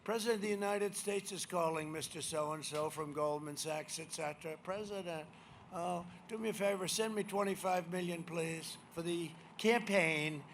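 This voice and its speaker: An older man giving a campaign rally speech, rambling and boastful, swinging between shouted lines and muttered asides. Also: fairly high pitch, moderate pace, a little hiss or hum. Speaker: political speaker at a rally. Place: outdoor rally crowd.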